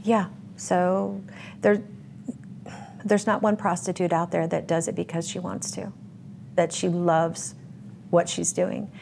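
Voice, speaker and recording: Blunt low-voiced woman telling her story. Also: level tone, slow pace, gravelly, long pauses, a little mellow, slight background noise. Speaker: interview guest. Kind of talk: candid testimony interview.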